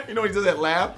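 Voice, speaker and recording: A man's voice: very high-pitched, pushed and bright, full character voice. A man doing a swaggering, playful impression of a cocky rapper.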